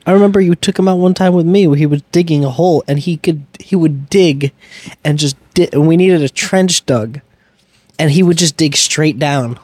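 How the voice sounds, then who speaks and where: A man co-hosts a casual podcast and jumps in with quick reactions. His voice sits a little high but sounds mellow and warm. The recording is dry and close. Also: husky, no room sound. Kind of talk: casual chat.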